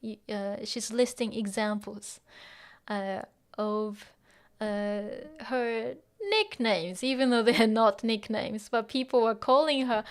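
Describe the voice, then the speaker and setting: A woman's voice: medium pitch, steady tone, takes it slowly. A woman teaching Japanese in a casual lesson, explaining in English with Japanese phrases mixed in, many fillers and frequent little laughs. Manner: laughs often while explaining.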